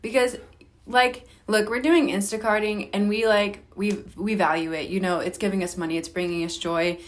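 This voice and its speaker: A woman's voice: mid-range voice, fairly even intonation, normal speed. A woman co-hosting a podcast in casual chat, blunt and frank with a joking edge. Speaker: podcast co-host.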